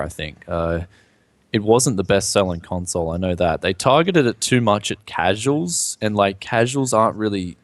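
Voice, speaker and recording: A man's voice: fairly low pitch, dry recording. A young man co-hosting a gaming live stream in casual, rambling chat, filling his sentences with "like". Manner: animated, rambling, sprinkles "like".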